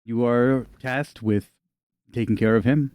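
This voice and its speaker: A man's voice: mid-range voice, steady tone, unhurried, darkish tone, clear, resonant tone, no echo, clean studio sound, close to an everyday voice. A man voicing a gracious, very old woman. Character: very old, elegant, courteous woman.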